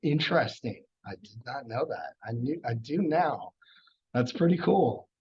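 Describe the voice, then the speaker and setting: A middle-aged man lectures on history in a loose, chatty, enthusiastic way, at an ordinary pitch. The recording sounds dull and lo-fi, taken in a classroom. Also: very animated, unhurried, darkish tone. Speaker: history teacher.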